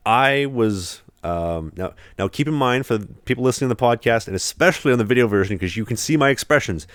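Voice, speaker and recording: A man's voice: mid-range voice, animated, quick pace, few pauses, fairly bright tone, no echo, clean studio sound. A young man hosting a podcast, telling a long story in casual chat with lots of fillers and restarts. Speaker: podcast host, hockey goalie.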